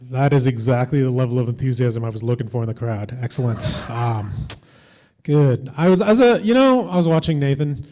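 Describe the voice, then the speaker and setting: A man from the Philippines performing a stand-up comedy set at a convention, offhand and deadpan with lots of fillers. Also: mid-range voice. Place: convention stage before a crowd.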